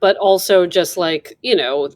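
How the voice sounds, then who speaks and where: Female co-host, lowish voice, dry close sound, eager casual chat. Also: measured pace, no echo. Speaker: podcast co-host.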